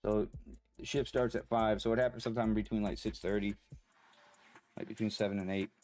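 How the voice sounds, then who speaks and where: A man telling a personal story in a halting, rambling way, pausing as the emotions come back. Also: fairly low pitch, fairly even intonation, darkish tone. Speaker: vlogger.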